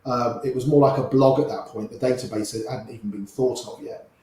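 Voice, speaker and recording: An older man, a poker player, telling old stories in an animated way and quoting people in quick little voices. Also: medium pitch. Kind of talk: anecdotal storytelling. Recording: very echoey room.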